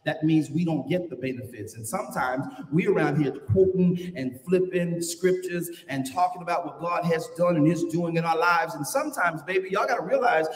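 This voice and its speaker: Brief: male pastor, high voice, animated sermon delivery with shouted peaks, distant mic, reverberant hall. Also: normal speed, hardly any pauses. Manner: animated preaching, swinging from quiet asides to shouted climaxes. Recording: echoey church hall, mic from far off.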